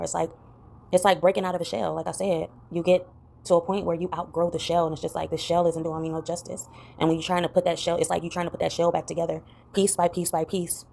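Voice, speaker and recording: Low gravelly-voiced woman vlogging. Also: dark tone, a little hiss or hum. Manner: rambling, many "you know" fillers. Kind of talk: reflective personal vlog talk.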